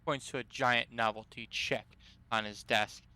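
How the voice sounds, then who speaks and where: A man's voice: medium pitch, steady tone, unhurried, bright, forceful tone, clear, resonant tone. A man casually commentating his video game playthrough, chatty and amused, reading game text aloud. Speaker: streamer. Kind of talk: casual let's-play commentary.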